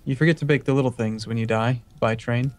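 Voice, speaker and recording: Man, mid pitch, dry teasing gamer banter. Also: steady tone, fast talker, a little mellow. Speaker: game co-player. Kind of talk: casual chat while gaming.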